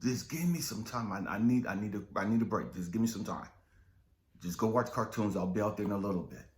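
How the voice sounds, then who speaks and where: A man plays a young father worn down by a terrible day, swearing and pleading in a deep, low voice. The sound carries a roomy echo. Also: animated, brisk, lightly acted. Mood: exasperated. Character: stressed young father at wit's end.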